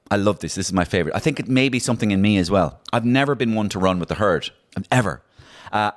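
Middle-aged Irish male impressionist, low voice, animated and chatty interview guest. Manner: animated, storytelling, many restarts. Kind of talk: casual interview chat.

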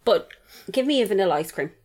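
A woman chats on a podcast at a quick clip, her words tumbling out. She is frank and crude, telling stories with animation and easy humour. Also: mid-range voice, animated, darkish tone. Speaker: podcast co-host. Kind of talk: casual chat.

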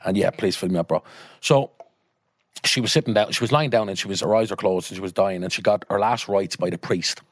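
An Irish man telling a family story in casual talk, animated and swearing freely. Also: sits low, a little fast, no room sound, studio quality. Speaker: guest storyteller, filmmaker.

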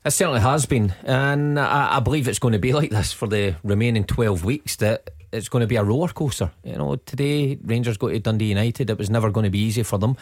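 A Scottish ex-player talking through a match as a radio pundit, steady and measured as he sums up. His voice has an ordinary middle pitch and a close, dry studio sound. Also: no room sound. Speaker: football pundit, former player. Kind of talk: radio football analysis.

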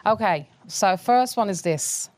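A woman's voice: medium pitch, animated, a little slow, a little mellow, dry recording, clean studio sound. A woman, chatting frankly as a podcast guest and swearing casually.

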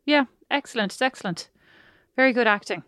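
A woman's voice: fairly high pitch, a little fast, fairly bright tone, no room sound, studio quality. An Irish woman co-hosting a podcast with her sister, chatting casually and laughing easily. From Ireland. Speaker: podcast co-host. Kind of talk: casual chat.

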